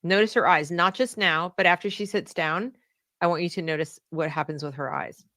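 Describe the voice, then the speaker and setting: A woman giving video commentary on a clip, talking with halting restarts and sudden emphasis. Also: on the low side, sharp tone. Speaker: online commentator.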